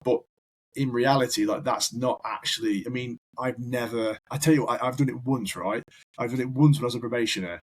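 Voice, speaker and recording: A man's voice: medium pitch, steady tone, brisk, slightly rough, poor audio. A man, a firefighter guest on a podcast, telling long rambling anecdotes in casual chat. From United Kingdom. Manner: rambling anecdotal storyteller, repeats words.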